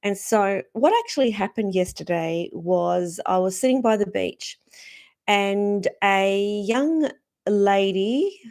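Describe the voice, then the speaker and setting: A woman, a spiritual speaker, earnestly recounting a personal story in a gentle, reflective way. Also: mid-range voice. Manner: earnest, gentle, acts out quoted dialogue.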